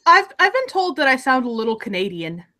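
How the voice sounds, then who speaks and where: A woman's voice: high-pitched, sing-song, brisk, sharp tone, a little hiss or hum. A woman from Alaska with an Alaskan accent, chatting casually and rambling with restarts as a content creator. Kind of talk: casual group chat.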